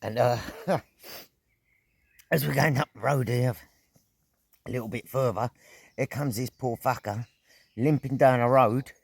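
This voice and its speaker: A middle-aged man vlogging outdoors at an evening camp, telling a story in a casual, animated way, full of slang, swearing and sound effects. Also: medium pitch, unhurried, gravelly, long pauses, slightly rough, no echo.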